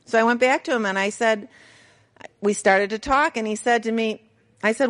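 A middle-aged woman speaks to a recovery group in a candid, storytelling way. Her pitch sits in an ordinary middle range. She mocks herself with a dry sense of humor. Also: brisk, a bit bright. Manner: candid, storytelling, self-mocking with laughs. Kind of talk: personal testimony to a group.

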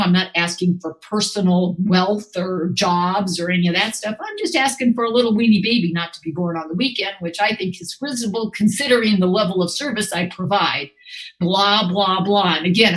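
An older woman tells her own recovery story with candid, self-mocking honesty. She rambles through fillers and restarts, circling back to her point. Her voice sits at an ordinary middle pitch. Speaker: speaker sharing at a recovery meeting. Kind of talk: personal recovery share.

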